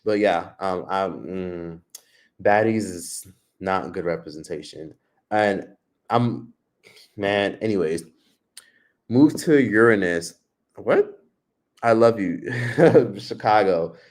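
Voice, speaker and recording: A man with a fairly low voice rants on a casual livestream. He talks straight at his viewers, swearing freely and going off on tangents in a loose, unscripted way. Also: slow, pauses often. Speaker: livestream host.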